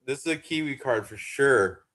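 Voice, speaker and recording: Fifty something guy rambling about picks, laughs a lot, swears, average pitch. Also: animated, normal speed, a bit bright. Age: 50s. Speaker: podcast co-host. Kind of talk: casual chat.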